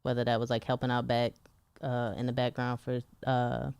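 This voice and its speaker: A woman co-hosting a podcast in casual, chatty talk, laughing often and filling pauses with "um" and "like". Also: very deep voice, monotone, darkish tone, clean tone, dry recording. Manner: chatty, laughing, lots of fillers. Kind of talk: casual chat.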